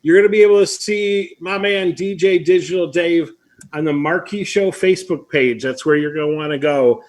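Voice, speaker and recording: A man's voice: on the high side, moderate pace. Chatty man hosting a live stream. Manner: chatty storyteller, lively asides and laughs. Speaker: host. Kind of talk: casual live-stream chat.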